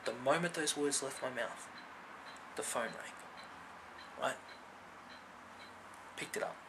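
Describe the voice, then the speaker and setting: A man's voice: medium pitch, slow pace, background noise. A man telling a personal testimony to camera, earnest and conversational, full of fillers and asking "right?" after his points. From Filipino family background. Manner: earnest, conversational, many fillers and tag questions. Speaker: vlogger.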